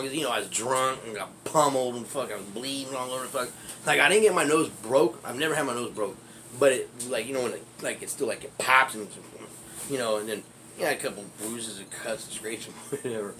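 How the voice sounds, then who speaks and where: A man's voice: mid-range voice, a bit bright, slight background noise. A man telling a personal street story in a rambling, profane way, laughing often as he talks. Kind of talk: casual storytelling.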